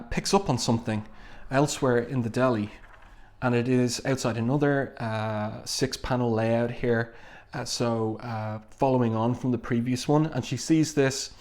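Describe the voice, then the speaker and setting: A man talks his way through a comic issue in a loose, unscripted way, stopping often for an "uh" or "um". His voice sits at a middle pitch and he reads the quoted lines in his own plain voice. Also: a little mellow. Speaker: comics reviewer. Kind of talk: casual reading and commentary.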